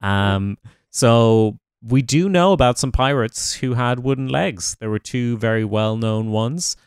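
A man's voice: medium pitch, unhurried, smooth, no room sound. A man co-hosting a history podcast, sharing research in casual chat with dry jokes and the occasional swear. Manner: dry, joking, sweary asides. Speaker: podcast co-host.

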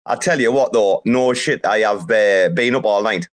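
A man's voice: fairly low pitch, normal speed. A man hosting a casual chat, joking around and swearing freely. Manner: loose, swearing, joking banter. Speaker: host.

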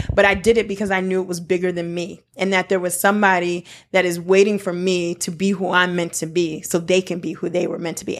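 A woman guest in an interview, talking in an excited, rambling way with many fillers and restarts, from South Africa. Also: fairly low pitch, creaky. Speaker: guest, nonprofit founder. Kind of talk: casual interview talk.

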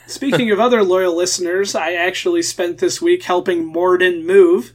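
Deadpan male podcast co-host. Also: sits high, normal speed. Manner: dry, deadpan quips. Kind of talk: casual podcast chat.

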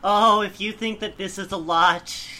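A woman's voice: medium pitch, fairly even intonation, a little slow, bright, forceful tone, rough recording. A woman co-hosting a casual group chat, teasing the others and laughing. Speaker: co-host.

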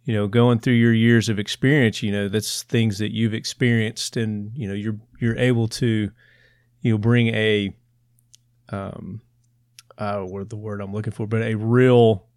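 A man from Tennessee with a Southern accent, hosting an interview in a chatty way, full of fillers and quick asides. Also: on the low side, flat delivery, a little mellow, smooth, no room sound, clean studio sound. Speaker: interview host. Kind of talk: conversational interview.

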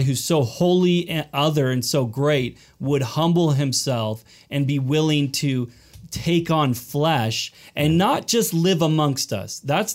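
Explaining man, slightly high voice. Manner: explanatory, repeats words at starts. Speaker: sermon series teacher. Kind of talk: conversational teaching in a panel.

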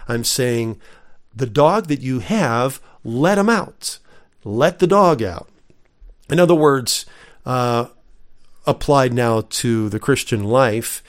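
Earnest man teaching a Bible lesson. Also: mid-range voice. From United States. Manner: earnest, emphatic, reads scripture aloud with pauses.

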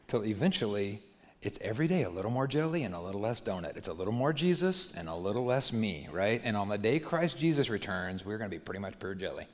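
A man preaching a sermon as a pastor, moving from hushed, gentle passages to loud, animated ones. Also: on the low side. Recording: long hall reverb.

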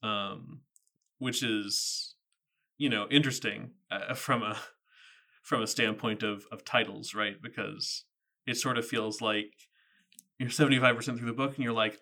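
A man's voice: on the low side, steady tone, unhurried, pushed and bright. A man in his thirties co-hosting a book podcast, chatting in a thoughtful, casual way. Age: 30s. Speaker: podcast co-host. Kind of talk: casual book-discussion chat.

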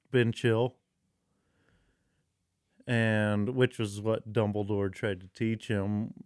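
A man co-hosting a podcast, chatting casually in a rambling, profane, excitable way. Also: medium pitch, smooth, no room sound, clean studio sound. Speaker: podcast co-host. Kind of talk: casual chat.

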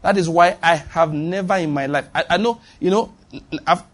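A Nigerian man with a Nigerian accent preaches a sermon in a fairly high-pitched, fairly bright voice at a moderate pace. He's emphatic, repeating lines for stress and calling on the congregation to respond.

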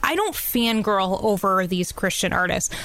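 A woman's voice: mid-range voice, expressive, unhurried, fairly bright tone. A woman hosting a radio interview in a chatty, enthusiastic way. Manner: enthusiastic, chatty, laughs easily. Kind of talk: casual interview chat.

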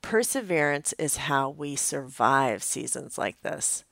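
A woman's voice: very deep voice, expressive, slow pace, a bit bright, no room sound. A woman teaching a devotional message as a pastor, earnest and reflective in a conversational way.

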